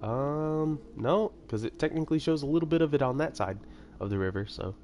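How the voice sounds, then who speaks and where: A man's voice: a little high, a little fast, darkish tone, slight background noise. A man giving casual, rambling commentary while playing a video game, with chatty self-mocking asides. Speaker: let's-play commentator. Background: video game music.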